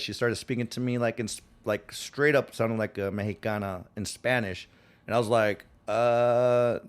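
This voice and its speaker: A man speaking as a podcast guest in casual conversation, with a Western twang and lots of filler words. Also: on the low side. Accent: American, Western twang. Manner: rambling, many fillers, acts out quotes.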